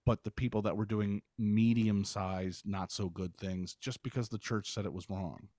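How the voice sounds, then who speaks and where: A man co-hosting a casual podcast, telling stories with animated emphasis and free swearing. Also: on the low side, moderate pace, no room sound, clean studio sound. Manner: animated storyteller, swears freely. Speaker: podcast co-host. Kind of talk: casual chat.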